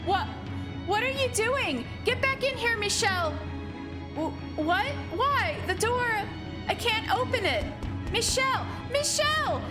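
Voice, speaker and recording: A woman voicing a desperate young woman in a game story, pitched up high and pushed loud, shrill and breathless with begging, faint music behind. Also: sing-song, unhurried, exaggerated voice. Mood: frantic.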